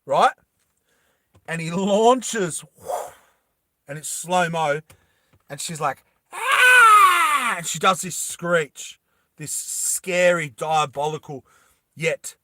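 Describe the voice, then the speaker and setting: A young man excitedly telling his viewers about his story ideas, rambling and correcting himself as he goes. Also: on the high side, takes it slowly, pauses often. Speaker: animated film creator.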